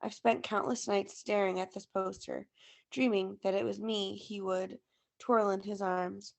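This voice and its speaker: Teacher lady reading a book aloud for class, gravelly, steady pace. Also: medium pitch, unhurried. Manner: steady storytelling. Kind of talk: first-person novel read-aloud.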